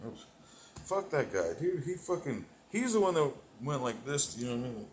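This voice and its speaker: A man delivering a rambling, profane comedic monologue, meandering between thoughts, laughing to himself, and swinging between loud bursts and mumbled asides. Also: mid-range voice, very animated, normal speed, reverberant, a little hiss or hum, rough recording. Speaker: comedic performer.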